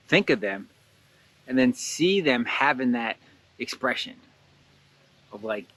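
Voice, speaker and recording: A man hosting a casual guided blessing exercise, animated and laughing often, jumping into excited high voices when he quotes someone. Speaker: host guiding a blessing exercise. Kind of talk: casual guided meditation talk.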